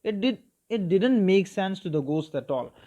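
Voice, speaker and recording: A man's voice: high-pitched, lively intonation, mellow. A male English teacher reading a story aloud and explaining it line by line, checking in with the class. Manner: explains slowly, checks in with "okay" and "clear".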